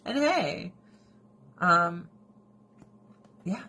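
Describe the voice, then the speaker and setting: A woman's voice: fairly low pitch, lively intonation, very slow, bright, forceful tone, husky. A woman hosting a casual livestream chat, talking bluntly and expressively, swearing freely and often laughing. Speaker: livestream host.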